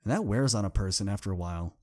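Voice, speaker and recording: A man's voice: fairly low pitch, fast talker, darkish tone. A young man hosting a podcast, speaking earnestly in a motivational monologue that builds into impassioned repetition. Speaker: podcast host.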